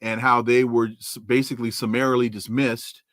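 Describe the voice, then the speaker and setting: A male podcast host from California asks long, deliberate questions at a middle pitch. He stresses key words and restarts his phrases. The recording is dry, with no room echo. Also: flat delivery, fairly bright tone. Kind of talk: interview questions.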